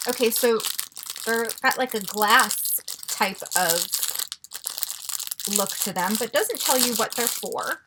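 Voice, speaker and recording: A woman vlogger chatting casually through a beauty box unboxing, gushing and excitable with frequent gasps. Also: a little high, noisy background. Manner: gushing and excitable, gasping often.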